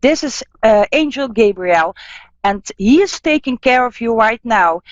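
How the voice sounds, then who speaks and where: Soothing psychic radio host, woman, fairly high voice, dull dry sound. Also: expressive, no echo. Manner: soothing, slow, repeats caller's name. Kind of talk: live radio call-in healing session.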